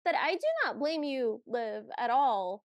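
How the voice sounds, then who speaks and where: Podcast co-host, female, high voice, dry close sound; animated movie recapper. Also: measured pace, no echo. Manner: animated, acts out characters' lines in quotes. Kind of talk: casual chat recapping a movie.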